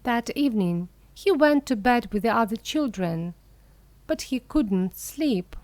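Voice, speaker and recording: Woman storyteller, beginner-level audiobook, high lively voice, close dry sound. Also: unhurried, no room sound. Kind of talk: slow audiobook reading for English learners.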